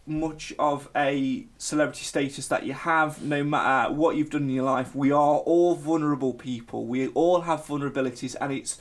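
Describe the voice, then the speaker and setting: A man co-hosting a casual podcast chat, animated and jokey. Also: fairly high pitch, normal speed, few pauses. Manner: animated, jokey, bursts into sung tunes and mock shouts. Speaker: podcast co-host.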